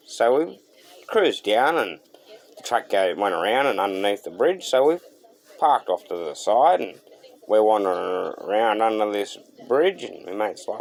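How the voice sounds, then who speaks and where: A man's voice: on the low side, sing-song, normal speed, creaky, darkish tone. A man with an Australian accent, hosting a car channel and telling a story in laid-back, slangy talk. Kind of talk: storytelling to camera.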